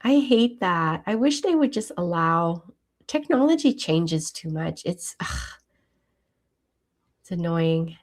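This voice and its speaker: A woman in her sixties hosting a casual live chat, reading viewer comments aloud and answering them in a chatty way, with frequent fillers and soft laughs. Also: fairly low pitch, expressive, slow pace, pauses often. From Hawaii. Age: 60s. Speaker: livestream host.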